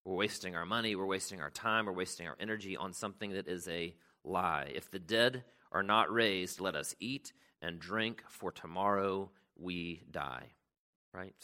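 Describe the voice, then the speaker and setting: A man's voice: sits low, moderate pace, bright, forceful tone. A man preaching a sermon in a conversational way, often asking "right?" and reading scripture aloud with extra emphasis. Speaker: pastor.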